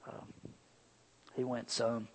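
Here the middle-aged pastor speaks very slowly in a creaky mid-range voice, swinging from animated, loud passages to quiet, earnest ones as he preaches and tells stories from his life. The audio is poor, with slight background noise.

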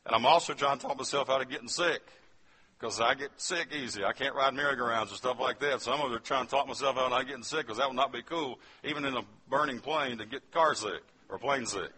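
Husky bright-voiced man giving a testimony. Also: medium pitch. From West Virginia. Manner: storytelling, addresses the audience directly. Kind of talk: testimony sermon.

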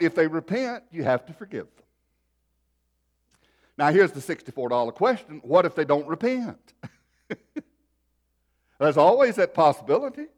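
A man preaching a sermon, telling a folksy personal story and shifting between loud and soft. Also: high-pitched. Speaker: pastor.

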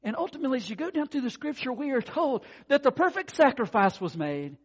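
Animated high-voiced male preacher. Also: quick pace, husky. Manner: animated preaching, swings from soft asides to loud declarations. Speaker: pastor. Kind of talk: sermon.

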